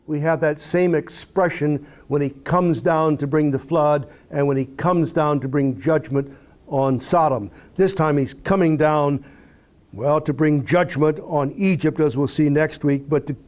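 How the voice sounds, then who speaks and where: A man teaching a Bible study in a conversational lecture style, reading scripture aloud and asking rhetorical questions. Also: fairly high pitch. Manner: animated, reads scripture aloud.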